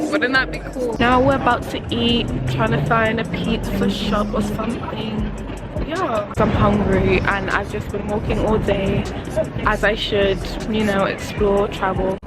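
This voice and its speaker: A young woman from the United Kingdom, chatting excitedly in a casual travel vlog while walking city streets, filmed on a handheld phone. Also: mid-range voice, a little slow, loud music behind the voice, low-quality recording. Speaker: travel vlogger.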